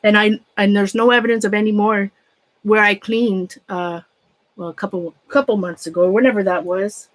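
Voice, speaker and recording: Her voice is medium-pitched and steady, moving at a moderate pace as this craft room vlogger talks informally to viewers on a live stream. She wanders from thought to thought, frequently breaks off and starts sentences over, and keeps laughing at herself.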